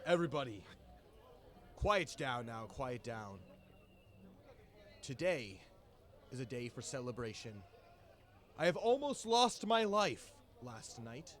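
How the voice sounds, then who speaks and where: A man's voice: mid-range voice, big pitch swings, takes it slowly, long pauses, a bit bright. A man voicing a jolly, boastful male pirate captain who makes grand toasting speeches. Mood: proud.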